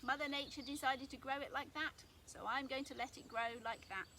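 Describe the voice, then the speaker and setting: A woman's voice: high voice, fairly even intonation, brisk, pushed and bright. Chatty British-based woman in a garden. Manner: chatty and explanatory. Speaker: gardening vlogger. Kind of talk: casual outdoor how-to vlog. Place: outdoor garden bed. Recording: outdoor noise, birds and clicks.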